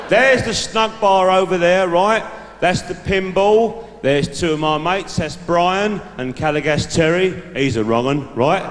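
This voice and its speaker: A man's voice: sits high, measured pace, crowd noise, background noise. Brash laddish man on stage. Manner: brash laddish bloke giving dating tips. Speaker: stand-up comedian. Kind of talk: stand-up character act. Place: large live venue stage. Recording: echoey hall from the stage mic.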